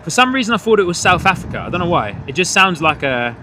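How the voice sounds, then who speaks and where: A man hosting a live plane-spotting stream from a hotel above the runway, excitedly calling out departures and greeting viewers. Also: sits high, fast talker, background noise. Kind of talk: live commentary. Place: hotel third floor overlooking an airport runway.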